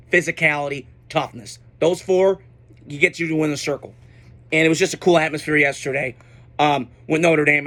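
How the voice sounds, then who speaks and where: A man's voice: on the high side, a bit bright. A young man giving an unfiltered, profane casual sports reaction, speaking bluntly as a commentator.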